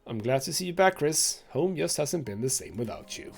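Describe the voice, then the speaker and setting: A man's voice: on the high side, lively intonation, moderate pace, vocal fry, slight background noise. Man reading as a shy younger brother. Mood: awkward.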